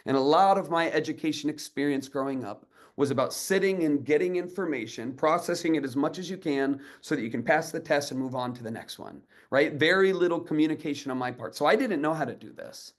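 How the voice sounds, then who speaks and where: Man, thirties, educator, storytelling talk, slightly high voice, animated. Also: fairly quick, few pauses. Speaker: educator and speaker.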